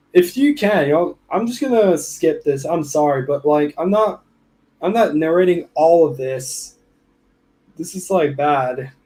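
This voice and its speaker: A man streaming, reading chat logs aloud in a flat voice and breaking off to react to them. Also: on the high side. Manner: reads flatly, breaks off to react.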